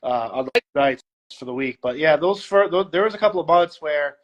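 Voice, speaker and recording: High-voiced man telling lively stories. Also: dull audio. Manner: animated storyteller, puts on quick voices in anecdotes. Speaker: guest, security director. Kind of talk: casual interview chat.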